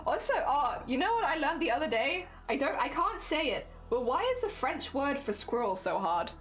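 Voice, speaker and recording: A woman's voice: high voice, very animated, moderate pace, a bit bright, soft background music. A young woman streaming casually, chatting and giggling with her viewers while she crafts at home. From Britain. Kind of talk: casual live-stream chat.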